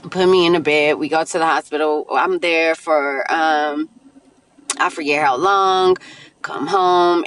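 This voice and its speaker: A woman, a mother, candidly telling a personal story in a casual vlog, animated and quoting her own thoughts. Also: fairly low pitch, a little hiss or hum. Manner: candid, animated retelling with laughs and quoted inner voices.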